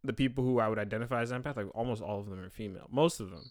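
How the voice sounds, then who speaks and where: A young man co-hosting a casual podcast chat, thinking out loud and laughing often. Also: fairly low pitch, racing, a crowd in the background. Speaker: podcast co-host and editor.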